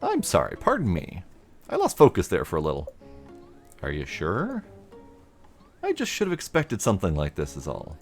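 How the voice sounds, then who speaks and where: A polite village mayor with a worried edge, as a man reads her lines aloud from a video game. The voice sits low but swings widely in pitch. Soft game music plays behind. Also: huge pitch swings, normal speed, pauses often. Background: faint game music.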